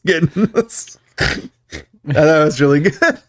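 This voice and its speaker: A man's voice: mid-range voice, moderate pace, dry recording, clean studio sound. Jokey man recapping a horror movie. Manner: jokey, recaps plot with fillers. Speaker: podcast co-host. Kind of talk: casual movie recap chat.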